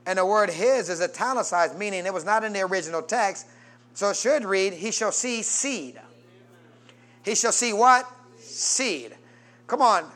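A man preaching a sermon as pastor, calling out to the congregation for answers and swinging between loud peaks and soft low passages. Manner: call-and-response preaching, prompting the congregation.

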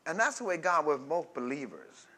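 A man preaching a sermon, reading scripture and breaking into loud call-and-response asides. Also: sits high, expressive, normal speed.

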